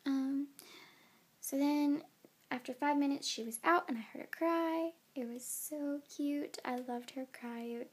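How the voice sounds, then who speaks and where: A young woman with a somewhat high voice tells her story into a phone camera. She sounds tired and yawns now and then. She talks casually, with plenty of fillers. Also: measured pace. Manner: chatty, many "like" and "um" fillers. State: tired, yawning. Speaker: new mother.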